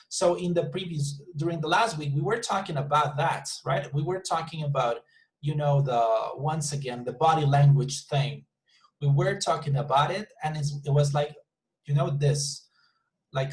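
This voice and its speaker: A man's voice: fairly high pitch, rough recording. A man teaching an English class over a video call, explaining at length, often repeating words and checking in with "you see".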